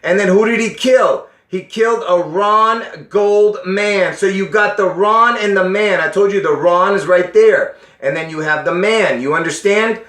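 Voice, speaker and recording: Unhurried and with few pauses, a man speaks to his viewers casually in a high-pitched, fairly bright voice. He insists on his points and frequently asks if they understand, his voice strained and coughing, in an echoey room.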